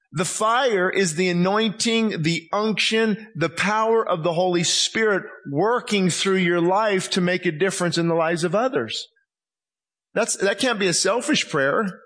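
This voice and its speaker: A man's voice: high voice, a little slow, fairly bright tone. A man preaching a sermon as pastor, impassioned, acting out the voices he quotes.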